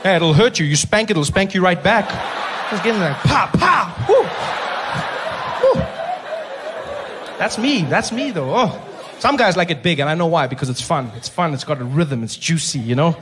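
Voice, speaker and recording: A high-voiced South African comedian works a live crowd and swings his voice around as he jumps between characters. A noisy room full of laughing people sits behind him. The recording carries a steady hiss of background noise. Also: brisk. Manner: animated, acting out characters, big vocal swings. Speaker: stand-up comedian. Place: stage before a live audience. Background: audience laughter.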